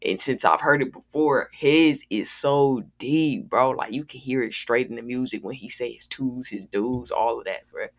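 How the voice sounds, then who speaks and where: A man with a mid-range voice hosts a music reaction video, talking at a normal pace with few pauses. He's relaxed and slangy, dropping "bro" and "gang" throughout.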